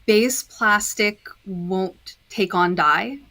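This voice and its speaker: A woman's voice: mid-range voice, drawn-out words, a crowd in the background. A woman guest on a podcast, explaining her dyeing process step by step in a casual chat, with frequent fillers. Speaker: podcast guest, disc dyer.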